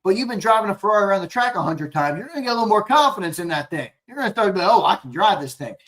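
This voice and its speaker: A young man with a Philadelphia accent co-hosting a live sports show, talking excitably and swearing freely while reading viewer comments. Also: sits high, rapid-fire. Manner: excitable, profane, rambling, reads chat comments aloud. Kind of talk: casual live-stream sign-off chat.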